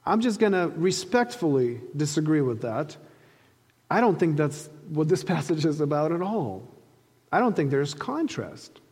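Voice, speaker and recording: A man preaching a sermon, telling a story earnestly and slowing down to stress key phrases. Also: a little high, very animated, a little mellow, slightly rough, big-room sound. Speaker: pastor.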